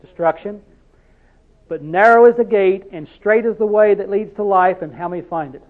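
A man's voice: high voice, normal speed, narrow, tinny audio. A man preaching a sermon in a conversational, storytelling way, driving each point home with repeated questions to the listeners.

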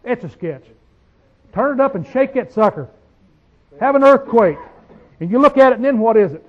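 A man preaching a folksy sermon, reading verses slowly and asking the congregation questions, swinging from quiet asides to loud declarations. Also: very high-pitched, animated, narrow, tinny audio.

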